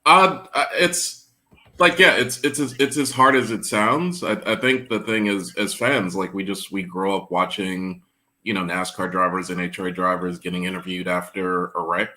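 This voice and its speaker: A man's voice: low-pitched, steady tone, normal speed, bright, forceful tone. A man, a guest on a video call, telling stories in a rambling, hesitant way. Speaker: guest, performance coach. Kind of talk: casual chat on a video call.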